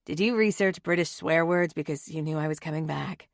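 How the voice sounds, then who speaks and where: Calm young best friend, read by a woman, soft and relaxed, dry close sound, audiobook. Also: low voice, brisk, vocal fry, no echo, voice pushed down. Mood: fond. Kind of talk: audiobook character voice.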